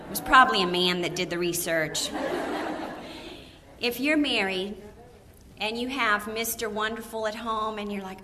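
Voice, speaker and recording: Bright-voiced woman preacher. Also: medium pitch, normal speed, long pauses. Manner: animated storyteller, laughs often, acts out quotes. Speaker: women's ministry speaker. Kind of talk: storytelling sermon to a live audience.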